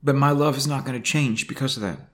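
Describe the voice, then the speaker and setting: An older man talking to the camera in a personal video diary, halting and emotional, with many fillers and restarts. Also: mid-range voice, a bit bright. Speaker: vlogger.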